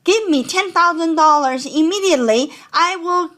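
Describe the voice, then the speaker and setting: A woman's voice: very high voice, moderate pace, fairly bright tone, voice pushed up. A woman playing a pushy fake tax agent. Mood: demanding. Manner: threatening, demanding.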